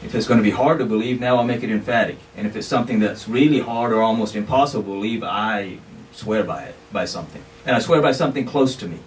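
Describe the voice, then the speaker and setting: This man's low-leaning voice moves fast, with hardly any pauses, as he explains things in a mosque sermon. He keeps it conversational, dropping in frequent "you know"s and Arabic phrases. It's picked up from a distance, with a faint hum of background noise.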